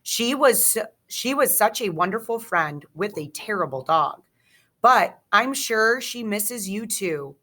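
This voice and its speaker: A gentle schoolgirl from a children's book, softly consoling a classroom pet, as a woman reads her lines. The pace is unhurried and the voice bright. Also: mid-range voice, expressive, full character voice. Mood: sympathetic.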